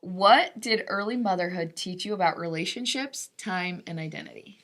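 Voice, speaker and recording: A woman's voice: lowish voice, moderate pace. Woman podcast cohost, supportive, asks the questions. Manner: warm, encouraging interviewer. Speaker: podcast co-host asking questions. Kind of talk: casual chat.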